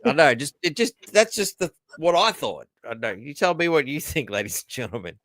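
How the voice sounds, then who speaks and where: A man's voice: a little high, very animated, a little fast, fairly bright tone, dry recording. A man hosting a podcast, giving casual reaction commentary in blunt, profane talk and speaking to listeners directly. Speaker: podcast host.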